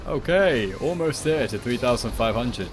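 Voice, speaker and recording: A man's voice: medium pitch, expressive, moderate pace. A man giving playful commentary over his video game play, rambling and jokingly dramatic. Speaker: gaming video creator. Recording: voice over loud game music.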